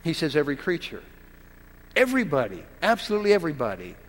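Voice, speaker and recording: A man's voice: on the high side, wildly swooping pitch, fast talker, big-room sound. A man preaching a sermon as pastor, reading scripture aloud and pressing his point with emphatic rhetorical questions.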